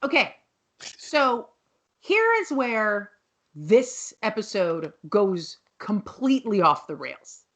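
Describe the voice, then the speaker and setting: A woman's voice: medium pitch, sing-song, slow. A woman co-hosting a podcast, casually and rambly recapping a TV episode with many restarts. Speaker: podcast co-host.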